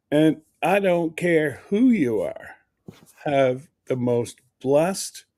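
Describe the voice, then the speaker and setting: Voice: mid-range voice, a little mellow. A livestream host chatting casually, rambling and laughing often while greeting viewers by name.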